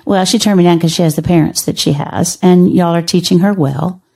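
An older woman, a guest on a podcast, telling stories in a measured, wry way. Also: on the low side, vocal fry, darkish tone, breathy edge. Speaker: podcast guest, teacher and author. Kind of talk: conversational storytelling.

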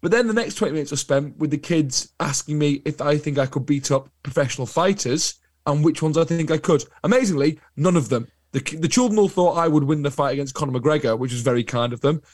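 Animated English man telling stories. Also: on the high side, quick pace, few pauses. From England. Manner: animated anecdotal storyteller. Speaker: podcast co-host. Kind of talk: casual podcast chat.

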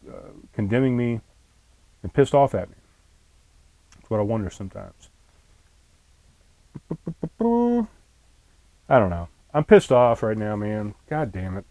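A man's voice: medium pitch, a little mellow, dry recording. A man hosting his own podcast from inside a camper trailer, chatting loosely in an irritated, rambling way and cursing often, recorded on a laptop in front of him. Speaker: podcast host. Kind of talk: casual solo podcast chat. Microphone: laptop on a tray in front of him.

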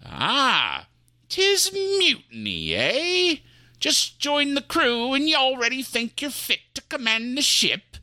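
A swaggering sea-dog captain bellows in old-time pirate talk, as a man puts him on. His voice is bright and forceful and leaps wildly in pitch. It sits close and dry on the mic, with no room sound at all. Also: big pitch swings, normal speed, vocal fry, few pauses, dry recording, exaggerated voice. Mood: indignant. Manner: loud and blustering. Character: boisterous male pirate captain driving a rideshare.

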